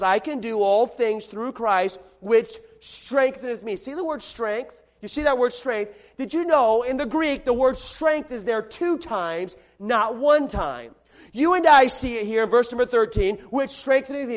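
A man with a strikingly high voice delivers an evening sermon to a gathered congregation. His tone is conversational and animated. He checks in with the listeners and circles back to repeat his main points. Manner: conversational and animated, asking the audience questions and repeating key points. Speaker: preacher. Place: room with a gathered audience.

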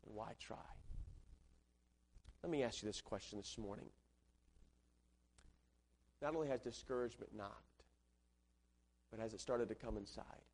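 A man's voice: lowish voice, measured pace, vocal fry, long pauses. A man preaching a sermon with rising fervor and repeated phrases. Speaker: pastor.

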